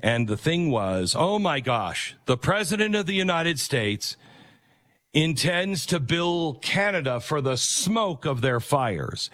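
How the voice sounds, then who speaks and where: A man's voice: a little high, fairly bright tone. A middle-aged man hosting a talk radio show, rambling conversationally with many fillers and restarts. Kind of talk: talk radio monologue with live ad read.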